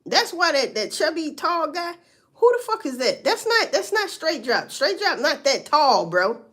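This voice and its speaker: Animated woman streamer, blunt and profane. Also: high-pitched, measured pace. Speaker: livestream host. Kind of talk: casual livestream commentary.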